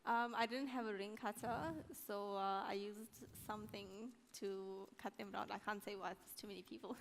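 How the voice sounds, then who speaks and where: A young woman chef talks about her cooking onstage, casual and a little self-conscious. Her voice sits at a middle pitch and carries a long reverb from a large expo hall. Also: little pitch movement, normal speed, gravelly, slight background noise. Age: young adult. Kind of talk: onstage interview.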